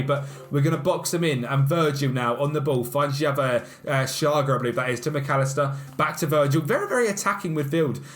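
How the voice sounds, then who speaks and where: A man commentating on his own football management game, animated and self-mocking, shouting at the referee. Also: a little high. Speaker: gaming YouTuber.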